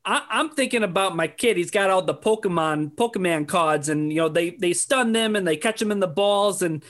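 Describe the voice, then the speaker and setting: A young man co-hosting a sports betting podcast, joking in a deadpan, mock-exasperated way. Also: sits high, normal speed. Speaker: podcast co-host.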